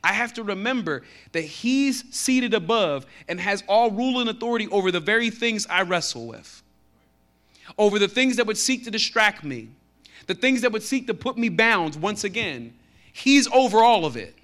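A man with a Texan accent preaching a sermon, reading scripture slowly and growing more forceful on his main points. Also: sits high, animated. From Texas. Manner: conversational preaching that builds in force on key lines; slows down to read scripture aloud. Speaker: pastor.

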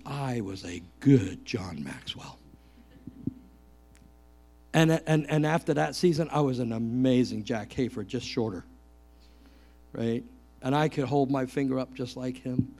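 A middle-aged male pastor preaching a lively sermon, joking and calling out questions to the congregation. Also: mid-range voice.

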